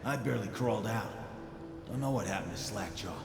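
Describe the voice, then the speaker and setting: An actor playing a rough, frightened gang member who speaks in street-style slang. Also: male voice, lowish voice, fairly quick, big-room sound, faint music behind, lightly acted. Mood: weary.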